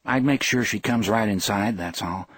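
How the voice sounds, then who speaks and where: A man with a husky voice voicing a plain-spoken, middle-aged male neighbor. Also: on the low side, moderate pace, a bit bright.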